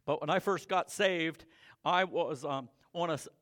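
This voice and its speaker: Man preacher, fairly high bright voice; sermon mixing loud emphatic points with hushed personal testimony. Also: unhurried. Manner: swings from loud emphatic preaching to quiet confessional storytelling.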